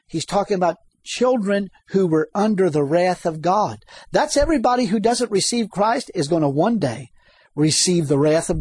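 Man, preaching a sermon, high voice, husky, reads scripture aloud, emphatic. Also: darkish tone, dry recording.

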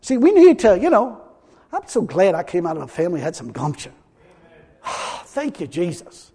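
A preacher with a strikingly high voice that swings up and down as he drives his points home. He talks in a folksy, emphatic way and keeps repeating himself for weight. The sound carries a long reverb, as in a church hall. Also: wildly swooping pitch, normal speed, dark tone, breathy edge. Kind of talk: sermon.

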